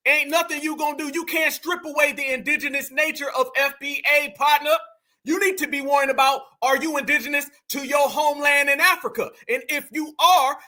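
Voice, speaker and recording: A man's voice: very high-pitched, bright, forceful tone. A man hosting reaction commentary, combative and mocking, talking straight to his viewers. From Georgia, US. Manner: combative, mocking, preachy, addresses viewers as family. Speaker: commentary channel host.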